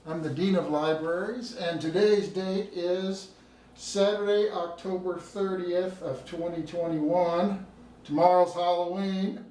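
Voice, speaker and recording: A man who is a library dean, asking casual, slightly halting questions in an oral history interview. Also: sits high, fairly even intonation, dark tone. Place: interviewee's apartment. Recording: distant mic in a roomy room with faint noise.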